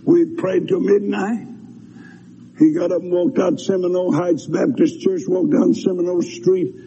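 A man preaching a revival sermon, shouting and then dropping low in turn. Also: vocal fry, husky. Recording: dull lo-fi recording with faint hiss.

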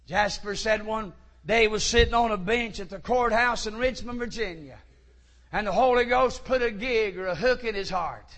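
High bright-voiced male preacher. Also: normal speed. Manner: rises to shouted fervor in quoted lines. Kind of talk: sermon storytelling.

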